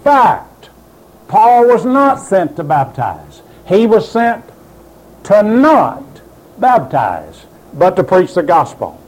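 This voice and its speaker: Male preacher, high and lively voice, hammering points home as fact. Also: slow, low-quality recording. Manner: emphatic, insistent, quotes doubters in mocking voices. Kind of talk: sermon.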